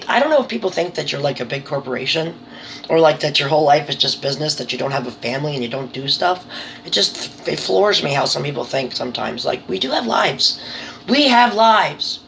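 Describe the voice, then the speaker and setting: A woman's voice: low voice, gravelly, a little hiss or hum, poor audio. A middle-aged woman talking casually to camera at home, telling exasperated stories and breaking into laughing disbelief. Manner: chatty, exasperated storytelling that tips into laughing disbelief. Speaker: vlogger running a small home business. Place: her living room at home.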